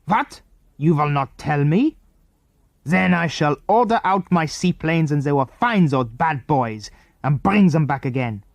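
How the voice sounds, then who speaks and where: A gruff foreign enemy man, as the narrator of a storybook puts him on, suspicious and menacing, giving orders slowly and deliberately. He sits higher than the narrator's usual voice and swings his pitch widely. The recording is dry and close. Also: no echo. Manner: stern, commanding, slow and deliberate.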